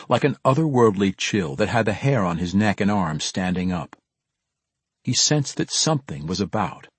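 A man narrating a fantasy audiobook in an expressive, dramatic reading style with a husky voice. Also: fairly low pitch, dry recording.

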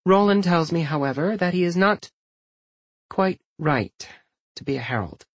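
A man voicing a calm, firm adult woman, a mother in an audiobook, speaking in an even, measured way. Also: mid-range voice, slightly rough, dry recording.

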